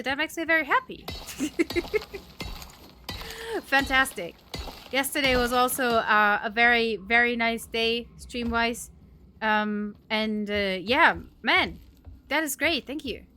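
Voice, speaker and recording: A woman's voice: on the high side, pushed and bright, slight background noise. A woman live streamer chatting casually with her viewers while gaming, giggly and chatty as she thanks them and reacts to chat.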